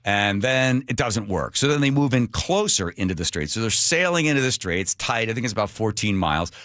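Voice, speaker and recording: A man hosting a radio talk show, casually retelling a history story with jokes and quick put-on voices. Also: fairly low pitch, expressive, a bit bright, no echo, studio quality. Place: radio studio. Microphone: studio microphone.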